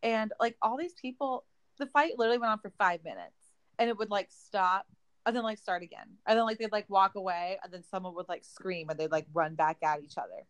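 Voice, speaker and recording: A woman's voice: mid-range voice, brisk, no room sound. A young woman co-hosting a podcast, chatting casually about a viral video and swearing freely. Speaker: podcast co-host.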